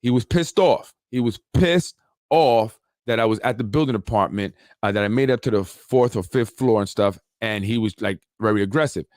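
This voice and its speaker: A man hosting a talk show, telling a story in a casual, animated way with street slang and repeated points. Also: lowish voice, normal speed, dry recording, clean studio sound. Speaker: show host.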